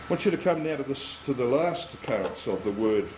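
A man's voice: mid-range voice, lively intonation, brisk, darkish tone. A man preaching a sermon, explaining scripture step by step and putting rhetorical questions to his listeners. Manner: teaching, asks the congregation rhetorical questions. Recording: echoey room with faint air conditioning hum.

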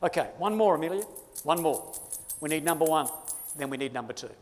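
With a fairly high, animated voice and a brisk pace, an Australian presenter playfully teases a live audience in a large hall. The talk is lively and participatory, and the sound carries a long hall reverb.

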